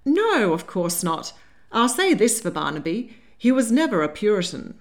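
A poised, worldly grandmother who meets every alarm with dry amusement. A woman acts her out in an audiobook reading. Her lively voice moves up and down, never in a rush. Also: medium pitch, moderate pace, pitched above the performer's own voice. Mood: amused.

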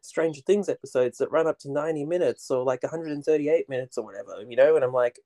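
A man's voice: mid-range voice, fast, warm tone, no echo. A man with an Australian accent, a podcast guest chatting casually, rambling and self-deprecating with frequent laughs.

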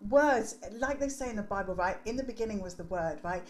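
Slight background noise sits behind a woman in her forties, a podcast guest and youth development coach, as she talks about teenagers she works with. Her voice is mid-range, animated and a little fast. She speaks emphatically and preachily, tagging points with "right?" in this animated interview.

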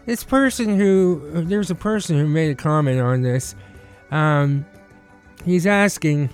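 A high-pitched man hosts a loose, chatty show, stumbling through fillers and laughing a lot. His voice sits well above the usual male range, and faint music plays behind him. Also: lively intonation, measured pace, smooth. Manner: laughing, rambling with many fillers. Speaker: podcast co-host. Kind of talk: casual chat.

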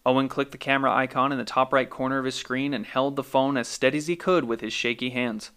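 A man reads a scripted short story for his own podcast. His delivery is calm and measured, at a middling pitch. He sounds like a host settling listeners into a tale. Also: smooth.

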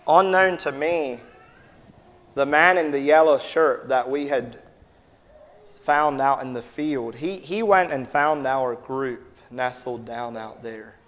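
A man's voice: medium pitch, slow pace, fairly bright tone. A man from the United States, a missionary, telling a personal testimony with vivid sound effects and acted-out dialogue at a Sunday evening church gathering. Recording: long reverb in a large hall.

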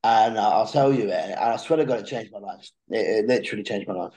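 Talking fast in a fairly low voice, a young podcast guest tells a long, animated story in a casual chat. He repeats words as he starts sentences and restarts along the way, all captured in poor audio.

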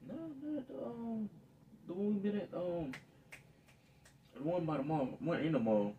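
A man's voice: a little high, big pitch swings, normal speed, recorded from a distance, narrow, tinny audio, slight background noise. Joking man in loose, slangy podcast banter. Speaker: podcast co-host. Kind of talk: casual chat.

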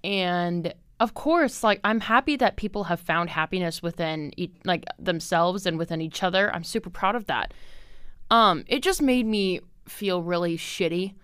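Solo podcast host, woman in her twenties, lowish smooth voice, candid and swears a lot. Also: normal speed, a bit bright, no room sound, clean studio sound. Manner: chatty and candid, lots of "like" and "um", swears freely. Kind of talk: casual solo podcast rant.

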